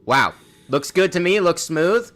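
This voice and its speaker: A man's voice: high-pitched, lively intonation, unhurried, a bit bright. A young man streaming a game in casual chat, rambling and restarting his words, with a slightly sore throat. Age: young adult.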